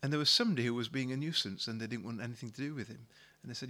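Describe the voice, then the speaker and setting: A man's voice: medium pitch, racing, sharp tone. A male pastor preaching a sermon, retelling a story in a conversational way and often repeating words as he restarts a thought.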